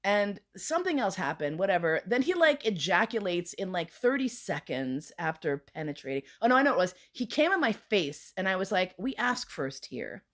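A woman on a podcast speaks at normal speed with a medium pitch and few pauses as she relates a bawdy story in casual talk. She acts out other people's quoted words animatedly and swears freely.

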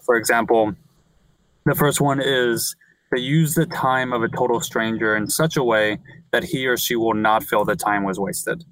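A man in a casual podcast discussion, speaking hesitantly with many pauses. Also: medium pitch, steady tone, a bit bright, dry recording, rough recording. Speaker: author and podcast guest.

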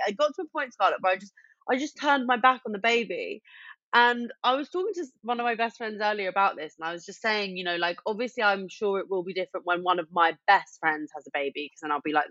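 A woman's voice: medium pitch, fast talker, dry recording. Exasperated woman in her twenties, dull dry sound. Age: 20s. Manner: animated, exasperated ranting. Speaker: podcast co-host. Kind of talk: casual chat.

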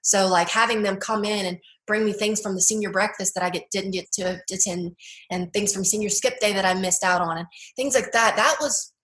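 A woman's voice: mid-range voice, fairly even intonation, fairly quick, a bit bright. A young woman, a guest in an interview, sharing her story in an earnest, heartfelt way, with lots of "like" and "you know". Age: young adult. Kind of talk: personal testimony interview. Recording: roomy echo.

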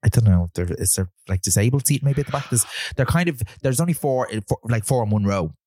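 Fast-talking Irish man on a podcast. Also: medium pitch, expressive, mellow, no room sound, clean studio sound. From Ireland. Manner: rambling, lots of fillers and swearing, acts out voices in anecdotes. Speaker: podcast co-host, drag performer. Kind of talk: casual chat, storytelling.

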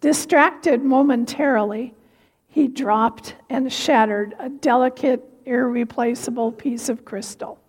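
A woman giving a sermon, telling a story slowly and reflectively. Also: on the high side, a little mellow, husky. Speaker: preacher. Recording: reverberant hall.

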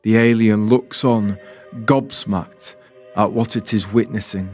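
A man tells a poetic spoken-word story, calm and deliberate with a wistful tone. He speaks very slowly in a lowish voice. Faint music plays underneath. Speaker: writer and performer, narrator.

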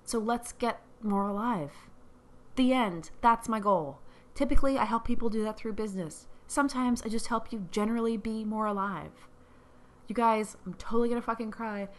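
A woman's voice: on the high side, moderate pace. A woman business coach giving a blunt, profane motivational monologue, repeating her points for emphasis.

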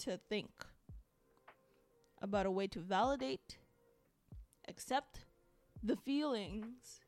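A woman hosts her own podcast and rants solo, diary-style. Her voice sits at an ordinary pitch, and her delivery is exasperated and sarcastic, with words doubled up for emphasis. Soft music plays faintly underneath. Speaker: podcast host.

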